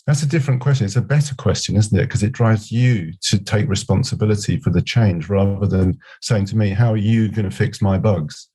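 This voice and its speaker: A middle-aged podcast guest who works as a scrum master talks briskly with hardly any pauses, his lowish voice warm and husky. He reflects in a conversational interview and recounts anecdotes with quoted exchanges.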